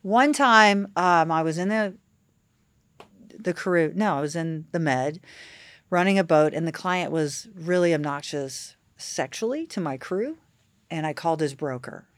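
A woman, a yacht captain guest, telling lively anecdotes in a casual podcast chat and acting out what people said. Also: fairly low pitch, unhurried, no echo. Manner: animated anecdotes with acted-out quotes.

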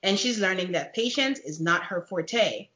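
A woman hosting a casual recap chat, animated and laughing often as she retells scenes. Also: mid-range voice, normal speed. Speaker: podcast host. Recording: dull lo-fi echoey room.

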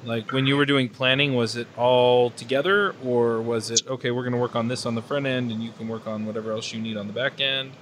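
A man talking through his team experience on a tech podcast in a relaxed, thoughtful way, often pausing with fillers. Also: medium pitch, slight background noise. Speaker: podcast panelist. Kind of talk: casual technical discussion.

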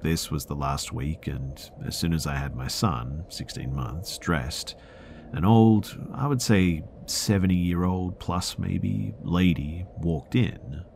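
A man's voice: sits low, takes it slowly, vocal fry, darkish tone, a little hiss or hum. A man hosting a podcast, reading listener horror stories aloud in a dramatic scripted narration that sometimes drops to a whisper.

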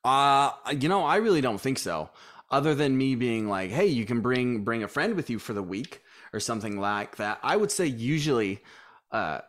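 A man's voice: mid-range voice, normal speed. A man guest in a casual interview, telling stories and acting out the lines of the people in them. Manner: animated storyteller, acts out quoted dialogue. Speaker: gym owner guest.

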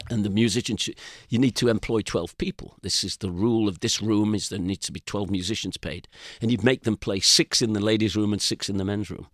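An older man, a guest telling rambling, animated anecdotes with frequent restarts in a casual interview. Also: lowish voice, brisk, few pauses, no echo, clean studio sound. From Britain.

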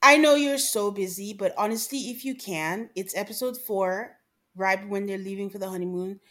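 A woman's voice: mid-range voice, moderate pace, fairly bright tone. A woman co-hosting a podcast in a casual chat, emphatic and opinionated as she argues her view. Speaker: podcast co-host.

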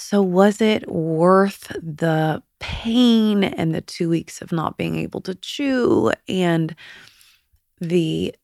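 A woman in her fifties hosting a podcast, chatty and confiding, with a slight lisp on her S sounds and soft whispered asides. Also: lowish voice, gravelly, no room sound, studio quality. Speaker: podcast host. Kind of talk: candid personal monologue.

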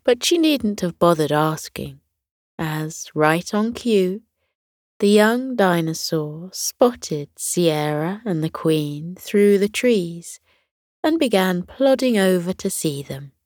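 A woman narrating a bedtime story for children in a gentle, unhurried way, at times dropping to a whisper. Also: lowish voice, expressive, no echo, studio quality.

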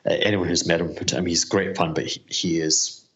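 A man telling a casual anecdote, chuckling and animated. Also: sits low, a little fast, dull audio. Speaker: recorded guest question.

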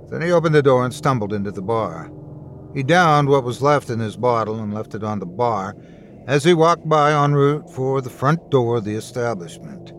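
A man reads a horror story aloud with an expressive, animated delivery. His pitch sits in the middle of the range but rises and falls freely. A faint noise sits under the voice. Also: normal speed. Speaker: narrator. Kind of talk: scripted horror story narration.

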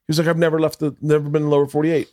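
A man's voice: fairly high pitch, rapid-fire, no room sound, clean studio sound. Profane rambling man telling stories. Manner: rambling, profane, restarts often, gets loud and laughs when excited. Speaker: podcast host. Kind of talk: casual chat, storytelling.

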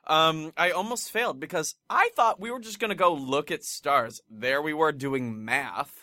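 A man's voice: on the high side, moderate pace, pushed and bright, dry recording. A young man in casual comedic podcast chat, campy, brash and profane, talking on a close studio mic. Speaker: podcast co-host.

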